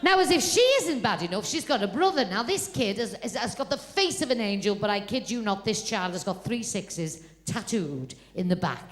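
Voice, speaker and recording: A woman with a Liverpool accent doing stand-up comedy, telling stories deadpan with punchy asides. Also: mid-range voice, normal speed, few pauses, a little hiss or hum.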